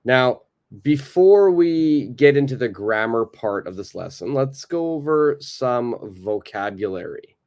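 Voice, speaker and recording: Slow, patient North American male teacher. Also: medium pitch, animated, darkish tone. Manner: slow, patient, repeats phrases for learners to copy. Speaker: English teacher. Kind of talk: live online English lesson.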